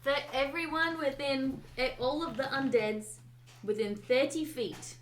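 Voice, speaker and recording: Woman tabletop player, slightly high voice, matter-of-fact, echoey room. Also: steady tone, a little slow, slight background noise. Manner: matter-of-fact, explaining rules. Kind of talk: playing a tabletop game.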